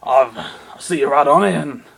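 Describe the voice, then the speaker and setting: A man's voice: on the high side, normal speed, vocal fry, a bit bright. A man voicing a smug bearded male penguin overlord who gloats grandly over his schemes. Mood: gloating.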